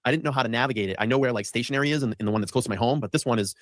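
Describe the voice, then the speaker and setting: A man's voice: medium pitch, very fast, dry recording, studio quality. A man hosting a show, telling a long rambling story in casual chat and acting out what people said. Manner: rambling, acts out quoted lines. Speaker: host. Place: studio.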